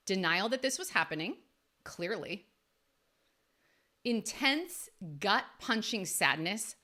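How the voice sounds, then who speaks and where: A woman podcast host and life coach giving an earnest, faith-based motivational talk, with emphatic rises in pitch. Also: pushed and bright.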